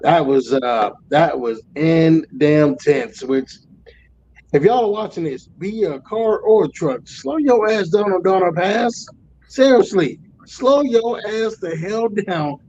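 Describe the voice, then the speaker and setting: A man in his forties, a truck driver guest, telling road stories in a profane, animated casual way. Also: high-pitched, takes it slowly, lo-fi sound. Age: 40s. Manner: profane, animated storytelling with loud acted outbursts. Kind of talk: casual storytelling chat.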